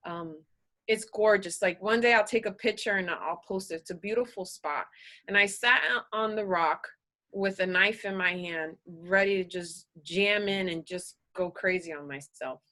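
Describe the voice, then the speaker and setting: A woman guest on a podcast, telling her personal story in an earnest, halting way, emotional and close to tears. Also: on the low side. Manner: earnest, halting, with restarts and soft laughs.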